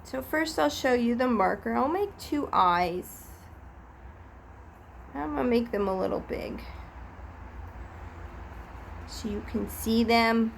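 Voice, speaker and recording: Slow, high-voiced woman teaching a craft. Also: expressive, creaky, slight background noise. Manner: gentle, patient, step-by-step explaining. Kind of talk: craft demonstration for children and families.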